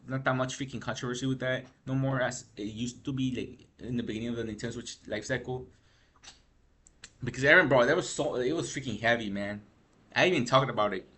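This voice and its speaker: A man's voice: medium pitch, fairly bright tone. A man vlogging gaming news in a rambling, slangy rant, tired from lack of sleep. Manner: rambling, slangy, frequent "bro" and "freaking". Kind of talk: casual ranting commentary.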